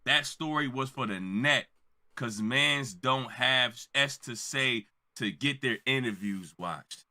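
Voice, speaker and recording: A man hosting a reaction video, loud and laughing, repeating punchlines as he reacts. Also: medium pitch, slow pace. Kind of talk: excited reaction commentary.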